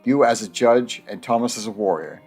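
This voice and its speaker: A man's voice: mid-range voice, a little fast, darkish tone, breathy edge, faint music behind. Man narrating a story game with laughs. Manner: reads narration, breaks off into laughter and jokes. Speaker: gamer reading the game text aloud. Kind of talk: let's play narration and banter.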